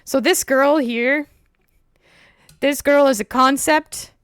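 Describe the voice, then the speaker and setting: A woman streamer talks casually and animatedly from her home setup, breaking into laughter often as she explains. Her voice sits a bit high for a woman. The sound is dry and close, with no room echo. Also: fairly even intonation, takes it slowly. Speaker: streamer host.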